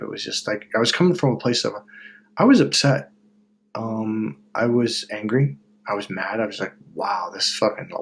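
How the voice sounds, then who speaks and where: Speaking at a medium pitch, a middle-aged man runs a self-help video as a blunt, casual monologue. He swears freely and puts on loud mocking voices to quote people, and there's a slight hiss or hum in the background.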